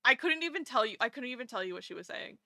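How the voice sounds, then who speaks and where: A woman streamer chatting casually while drawing, animated, laughing often and swearing casually. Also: a little high, fast, vocal fry, no echo, studio quality.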